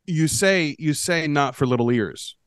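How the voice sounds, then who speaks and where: A man co-hosting a podcast in casual, joking chat, talking quickly with frequent restarts. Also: a little high, a bit bright, smooth, no echo, clean studio sound. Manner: quick, restarts and stumbles, jokey. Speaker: podcast producer and co-host.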